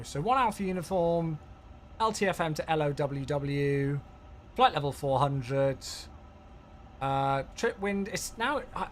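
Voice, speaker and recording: A man streaming a flight sim live, chatty and thinking aloud as he thanks viewers warmly. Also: on the high side, slight background noise.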